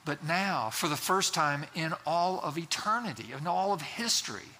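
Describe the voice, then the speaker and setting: A man's voice: a little high, expressive, normal speed, bright, forceful tone. A man preaching a sermon in a conversational way, with fillers and restarts. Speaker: pastor.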